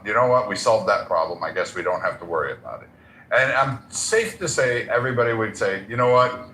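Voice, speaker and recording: A man's voice: mid-range voice, bright, forceful tone, a little hiss or hum. A man arguing in a heated debate, mocking and combative, swearing at his opponent. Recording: roomy echo.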